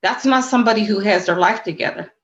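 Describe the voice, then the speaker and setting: Earnest woman coach talking slow and reflective, muffled audio. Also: mid-range voice, fairly bright tone. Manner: earnest, flowing, faith-tinged phrasing. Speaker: spiritual coach and guest. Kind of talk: reflective interview talk.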